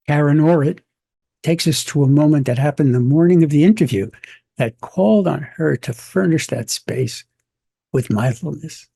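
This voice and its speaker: A man hosting the show, introducing the episode and asking gentle, measured interview questions. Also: medium pitch, husky, no echo. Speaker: host and interviewer. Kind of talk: calm narration and interview questions.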